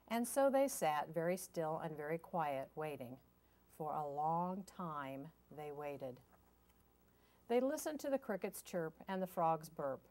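A woman reading a children's picture book aloud with gentle, expressive storytelling. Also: deep voice, slow. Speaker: storybook reader.

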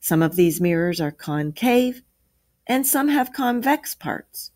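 A woman's voice: lowish voice, sing-song, slow, a little mellow. A woman voicing a patient old grandfather who explains science to the children in a storybook reading. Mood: explaining. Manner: lecturing, explanatory.

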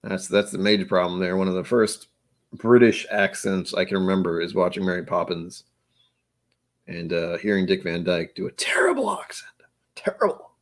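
A man's voice: sits low, little pitch movement, normal speed. A man hosting a casual chat, rambling and self-mocking, who now and then slips into joke accents. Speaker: host.

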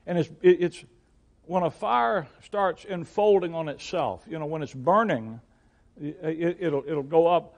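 A man's voice: a little high, unhurried. An older man, a pastor, teaching through a Bible passage, often restarting and repeating words, and reading verses aloud in old-fashioned wording.

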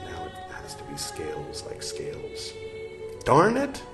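A man's voice: rumbling low, little pitch movement, measured pace, echoey room, loud music behind the voice. A man hosting a podcast, reading a text aloud and breaking off into rambling, self-mocking jokes. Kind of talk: reading aloud with joking asides.

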